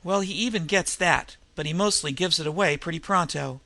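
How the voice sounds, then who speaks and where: A man's voice: a little high, a little fast, gravelly, sharp tone, dry recording. A man voicing a blunt, practical male miner who talks in a folksy western way. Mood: exasperated.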